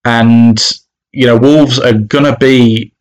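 A man's voice: mid-range voice, steady tone, slow, darkish tone, low-quality recording. A man co-hosting a casual football podcast, talking with frequent restarts and fillers. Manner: hesitant, many restarts and fillers. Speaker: podcast co-host, football fan.

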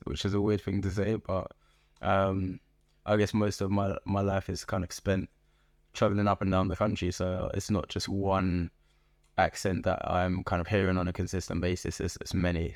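A middle-aged man with a London accent, a guest in an interview, speaking in a thoughtful, measured way with frequent pauses. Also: deep voice, a little mellow, dry recording, clean studio sound. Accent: London English. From England. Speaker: guest, organization founder. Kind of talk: conversational interview. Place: podcast booth.

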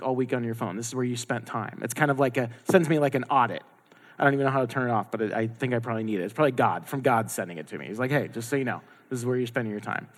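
A male pastor delivering a sermon, emphatic and repetitive, often restarting his words. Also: mid-range voice. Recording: long hall reverb.

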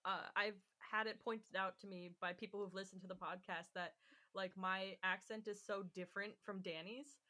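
A woman's voice: medium pitch, fairly even intonation, moderate pace, pushed and bright. A woman in her twenties with a Canadian accent, hosting a casual podcast chat and asking questions. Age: 20s. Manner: asks questions, chatty. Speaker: podcast host.

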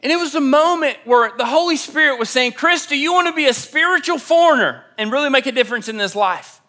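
A man's voice: very high-pitched, lively intonation, fast, sharp tone. A young man preaching a sermon in a church, telling personal stories and acting out the dialogue in them. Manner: storytelling, acts out quoted dialogue. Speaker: pastor. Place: church auditorium.

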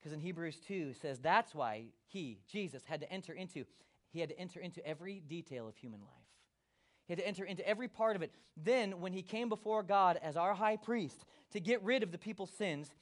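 A male pastor preaching a sermon, swinging from hushed to loud and acting out quotes. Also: high voice.

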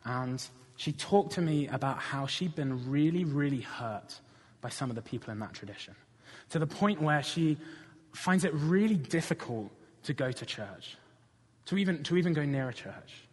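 A man's voice: fairly high pitch, slightly rough. A man preaching a sermon, telling a personal story with earnest conviction and then building to passionate appeals to the congregation. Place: church. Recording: reverberant church hall.

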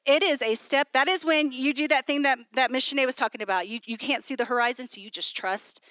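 A middle-aged woman pastor sharing a personal testimony in a sermon, talking in an animated way to the congregation and dropping low and soft when she quotes God. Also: quick pace, no room sound. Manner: animated storytelling, addresses listeners as "you guys".

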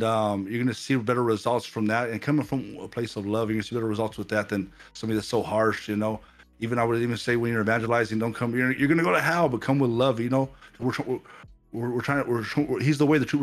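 A man's voice: medium pitch, steady tone, fast talker, soft background music. A man who is a pastor, speaking earnestly in a casual faith conversation and often repeating words as he gathers his thoughts.

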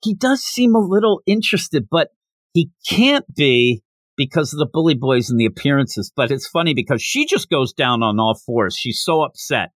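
A podcast host with a medium-pitched voice talks at a normal speed on a dry recording. He casually recaps a manga chapter in an animated way, jumping into character voices as he goes.

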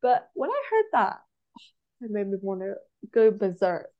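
A woman with a West Country English accent, co-hosting a podcast and chatting casually about films, animated and ranting with frequent laughs. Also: medium pitch, normal speed. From West Country, England. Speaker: podcast co-host. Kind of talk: casual film chat. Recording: dull lo-fi audio.

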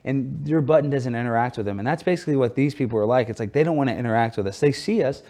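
Fast-talking joking man. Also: mid-range voice. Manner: animated, joking storyteller. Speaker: guest. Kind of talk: casual interview talk.

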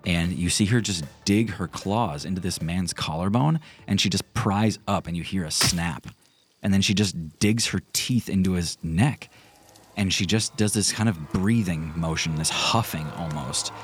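A man running a tabletop role-playing game, describing the scene in a calm, steady narration. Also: low-pitched, normal speed, a little hiss or hum. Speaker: game master. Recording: music bed behind.

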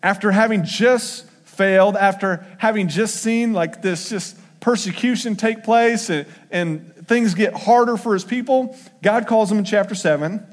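A man's voice: high voice, a little slow, hardly any pauses. A man preaching a casual sermon, talking conversationally and acting out the quotes in changing voices. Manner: conversational, acts out quotes with shifting voice. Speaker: pastor. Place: church sanctuary. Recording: long hall reverb.

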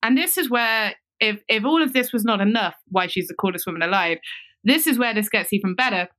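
A woman, a podcast guest telling a story in an animated way, laughing and swearing freely. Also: mid-range voice, fairly quick. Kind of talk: casual storytelling chat.

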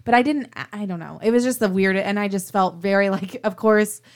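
A woman hosting a podcast, chatting casually, laughing often and getting animated when she retells a story. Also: mid-range voice, brisk. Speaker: podcast host. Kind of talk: casual chat.

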